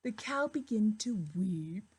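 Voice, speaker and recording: A woman's voice: mid-range voice, lively intonation, takes it slowly, darkish tone, slight background noise. A woman, a preschool teacher, reading a picture book aloud for children's story time in a sing-song way.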